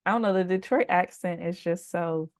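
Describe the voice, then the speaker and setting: A young woman co-hosting a casual podcast chat, soft-spoken and a little self-conscious, drifting into other accents as she talks. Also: fairly low pitch, moderate pace, dry recording, studio quality. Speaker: podcast co-host.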